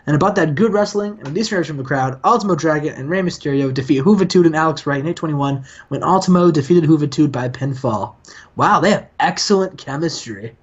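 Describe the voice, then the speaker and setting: Man, casual gaming commentary, jokey, voices characters, dull low-fi recording. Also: fast, breathy edge. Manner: joking, acts out characters. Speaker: host. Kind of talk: casual let's-play commentary. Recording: dull lo-fi mic.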